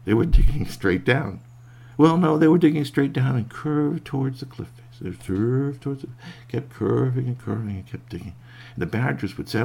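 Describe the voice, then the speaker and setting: A man telling a children's tale in a folksy, animated way. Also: mid-range voice, normal speed, vocal fry, breathy edge. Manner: lively, folksy, puts on voices for animals. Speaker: storyteller. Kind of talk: oral storytelling.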